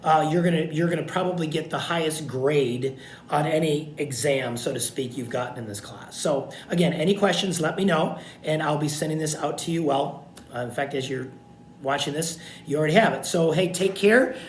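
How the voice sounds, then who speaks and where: A man recording a video lecture for his college class, talking informally and checking in with "okay?" again and again. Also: normal speed. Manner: repetitive, informal, frequent "okay?" check-ins. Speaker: college instructor. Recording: echoey room with faint rumble.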